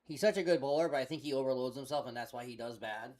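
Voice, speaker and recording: A young man talks into a headset in a loose, rambling way. His voice sits at an ordinary middle pitch, and he swears freely as he tells his story. It sounds like relaxed streaming chat. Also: quick pace. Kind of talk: casual chat.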